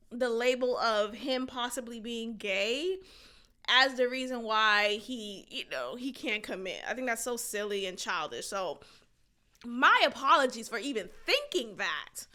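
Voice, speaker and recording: A woman's voice: a little high, bright, forceful tone. A woman hosting a podcast, chatting casually about a reality show in a blunt, opinionated way, swearing and laughing often. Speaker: podcast host.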